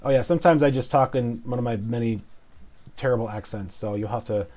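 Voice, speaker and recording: A man's voice: mid-range voice, brisk, mellow. A man casually commenting while he plays a building game, mumbling, swearing and cracking jokes about himself, into a clip-on mic. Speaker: game streamer.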